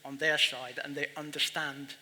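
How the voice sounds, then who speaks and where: Halting man moderating in a reverberant hall. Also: fairly high pitch, flat delivery, sharp tone. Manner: halting, reflective, repeats words. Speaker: panel moderator. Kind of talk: panel discussion. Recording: reverberant hall, faint background noise.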